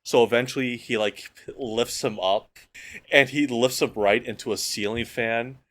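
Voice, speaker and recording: A man co-hosting a podcast, casually recounting movie scenes in a relaxed way. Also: medium pitch, a little slow. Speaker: podcast co-host. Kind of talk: casual chat.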